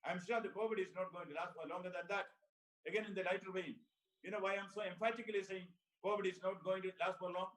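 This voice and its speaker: An older man with an Indian English accent speaks from a press conference podium in a high-pitched voice. He is emphatic and rhetorical and drops in literary quotes. The recording sounds echoey, as in a conference room. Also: steady tone, quick pace, a bit bright. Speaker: retired civil servant speaking at a press conference.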